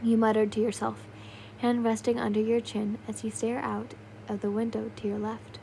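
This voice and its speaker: A woman's voice: a little high, level tone, normal speed, creaky, mellow, a little hiss or hum, poor audio. A young woman narrating a fan fiction story in a loose, unpolished way, with yawns, slips and little asides. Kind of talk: casual fan fiction reading.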